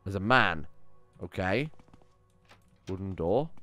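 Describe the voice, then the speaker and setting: A man's voice: deep voice, expressive, takes it slowly, pushed and bright, faint music behind. Chatty man commenting on gameplay. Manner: chatty, swearing, thinking aloud. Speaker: let's play host.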